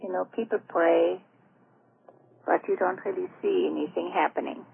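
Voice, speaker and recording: A woman calling in to a radio show, speaking in a hesitant, halting, heartfelt way. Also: fairly low pitch, steady tone, creaky, breathy edge. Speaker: caller. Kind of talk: radio call-in conversation. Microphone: telephone. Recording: tinny phone line with faint noise.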